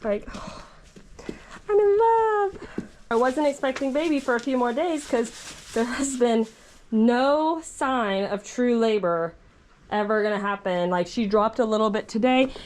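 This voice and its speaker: High-voiced ranch woman gushing over farm animals, casual vlog. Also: measured pace, a little mellow, slight background noise. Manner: doting, chatty, gushing. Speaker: ranch owner. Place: horse stall in a barn.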